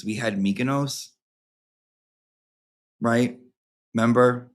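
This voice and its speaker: Speaking in a fairly low voice at a moderate pace with frequent pauses, a man reads out viewers' emails on his channel. His chat with the live audience is casual, campy and sassy, full of asides and swearing.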